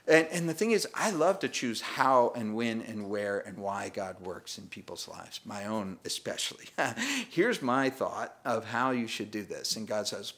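A man's voice: mid-range voice, very animated, moderate pace, fairly bright tone. A man preaching a sermon as pastor, chatty and self-deprecating, often acting out little voices and laughing at the text. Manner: conversational, self-deprecating, acts out voices with humor. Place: church.

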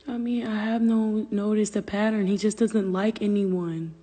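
A woman's voice: medium pitch, steady tone, unhurried, dark tone, husky, long reverb tail. A woman chatting casually on a phone livestream from her family room, rambling and swearing freely and slipping into whispers. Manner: loose, profane, rambling, drops to whispers. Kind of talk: casual livestream chat, reading comments.

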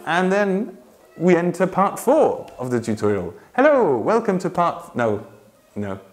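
With ukulele playing and soft music in the background, a man gives a loose, talkative ukulele tutorial, frequently laughing and singing examples. His voice sits high, with wildly swooping pitch and a measured pace.

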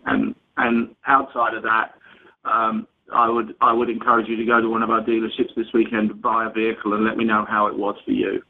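A man, a company executive answering analyst questions on an earnings call in a measured way with many restarts. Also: fairly low pitch, monotone. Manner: measured, with frequent restarts and fillers. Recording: tinny phone line with faint noise.

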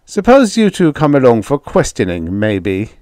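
A man reading an audiobook voices a calm, commanding male soldier who speaks in firm, clipped lines. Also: medium pitch, moderate pace, no echo, clean studio sound, voice pushed up. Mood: stern.

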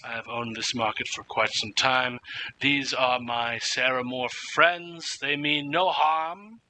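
Man doing a high-pitched gnome market owner. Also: fairly even intonation, takes it slowly, sharp tone, a little hiss or hum, low-quality recording. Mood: proud, warning. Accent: put-on dwarf accent. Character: welcoming gnome market owner, proud and warning.

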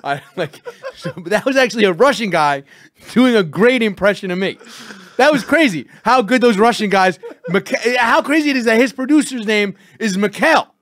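A man hosting a comedy podcast, joking and teasing his co-host in a deadpan way. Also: sits high, moderate pace, no echo, clean studio sound.

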